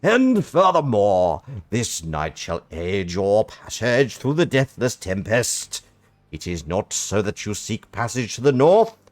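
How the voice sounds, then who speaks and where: A man's voice: sing-song, dry recording. A man voicing a pompous, overeager worm knight who speaks in old-fashioned, grandiose declarations with a posh English accent. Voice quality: booming, theatrical archaic diction. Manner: loud, drawn-out, grandiose declarations.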